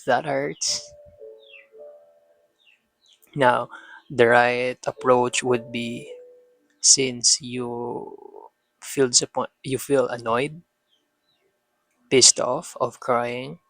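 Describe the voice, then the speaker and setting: Slow, flat-voiced father giving advice. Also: mid-range voice, vocal fry, soft background music. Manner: calm, instructive, repetitive. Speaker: parenting vlogger addressing a son. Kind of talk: advice monologue.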